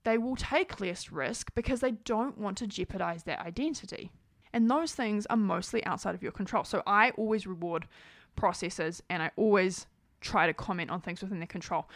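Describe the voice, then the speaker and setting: A woman's voice: mid-range voice, a little fast, no echo, clean studio sound. A woman in her thirties talking frankly and with animation to camera, full of "like" fillers. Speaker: parenting vlogger. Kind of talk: casual talk to camera.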